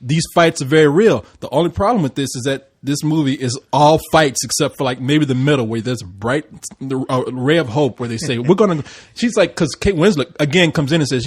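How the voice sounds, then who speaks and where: A man in a casual movie review chat, animated and profane, acting out scenes as he retells them. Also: mid-range voice, brisk, breathy edge. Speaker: podcast co-host.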